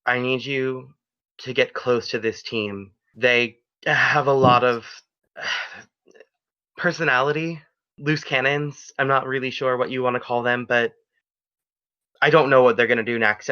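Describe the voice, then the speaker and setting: Guy playing a stressed young heroine boss, tense and pleading, bright smooth voice, kinda dull lo-fi audio. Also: mid-range voice, fairly even intonation, a little slow, no echo. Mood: weary. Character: young female hero leader, mid-twenties, flustered and angry. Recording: dull lo-fi recording.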